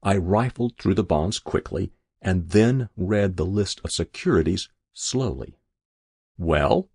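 A man's voice: low-pitched, measured pace, creaky, darkish tone, husky, dry recording. A man reading a first-person story aloud in a dry narrator's voice. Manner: dry first-person narration, voicing each figure lightly.

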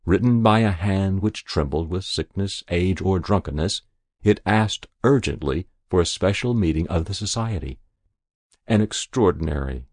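A man giving a measured, unhurried scripted narration of a short story as the reader. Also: low voice, darkish tone, no echo, clean studio sound.

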